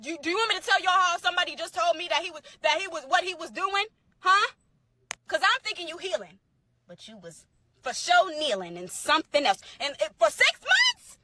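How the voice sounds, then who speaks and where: A young woman tells her followers a personal story in a high-pitched voice. Her tone is bright and sharp. She talks casually, animated and emphatic, and circles back over the same phrases. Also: brisk. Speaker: storyteller in a social media clip.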